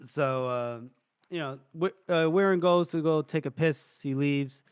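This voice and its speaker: A man's voice: on the high side, measured pace, clear, resonant tone, dry recording, clean studio sound. A man co-hosting a book podcast, retelling chapters in casual chat and laughing often. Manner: laughs often, many fillers and restarts. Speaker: podcast co-host.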